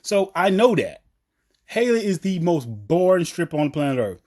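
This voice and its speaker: A man from the American South with a Southern accent, giving a blunt, animated opinion rant about a TV show. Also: on the high side, moderate pace. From Southern United States. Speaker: TV commentator.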